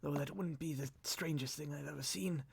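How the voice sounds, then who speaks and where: A man voicing a weak, confused young nobleman in a tabletop game, his voice cracked and broken as he pleads haltingly. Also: fairly high pitch, vocal fry, slightly rough, voice pushed up. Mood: pleading. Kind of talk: tabletop role-play.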